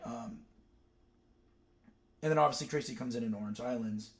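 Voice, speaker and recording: Young male streamer, casual and digressive, loose storytelling, average pitch. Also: moderate pace, vocal fry. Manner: rambling, digressive storytelling with many fillers. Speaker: streamer ranking cartoon characters. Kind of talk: casual chat.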